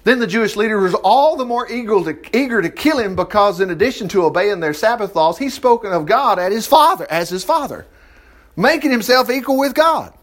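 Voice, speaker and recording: Male Bible teacher, folksy, reads scripture with quick asides, very lively intonation. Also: sits high. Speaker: preacher.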